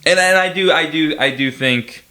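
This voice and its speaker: Bright-voiced young man, wry and joking. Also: fairly high pitch. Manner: wry, joking, quick asides. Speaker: podcast co-host. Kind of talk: casual movie review chat.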